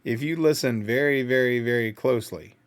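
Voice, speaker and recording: A man's voice: mid-range voice, fairly quick. A man hosting a casual music reaction video, thinking aloud in an analytical, self-doubting way.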